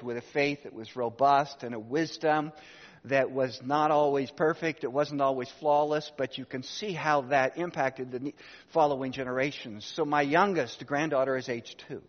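A man in his sixties, a pastor, speaks at normal speed with medium pitch and fairly even intonation while telling a family story and questioning his congregation rhetorically. The sound is dull, with a long hall reverb.

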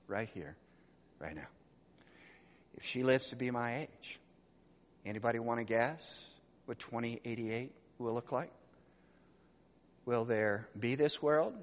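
A man in his sixties, a pastor preaching a sermon, telling a family story and putting rhetorical questions to the congregation. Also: medium pitch. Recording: dull sound with long hall reverb.

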